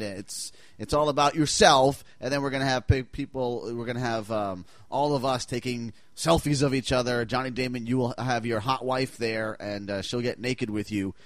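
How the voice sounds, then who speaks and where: A man's voice: mid-range voice, no room sound. A man hosting a podcast in casual chat, playful and mock-enthusiastic, often acting out the scenes he recaps. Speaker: podcast host.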